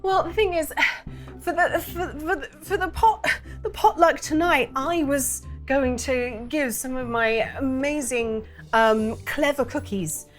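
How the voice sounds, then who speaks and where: A woman voicing a flustered, bustling female moth-like baker who stammers and rushes her words in a tabletop game. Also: high-pitched, soft background music. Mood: frazzled. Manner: flustered, stammering, breathless rush. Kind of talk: tabletop role-play voicing.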